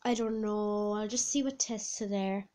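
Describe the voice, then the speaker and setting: A woman vlogging in a casual chat while doing online quizzes, thinking aloud with lots of fillers and sudden excited outbursts. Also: medium pitch, measured pace. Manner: chatty, thinks aloud with many fillers, bursts into squealing outbursts.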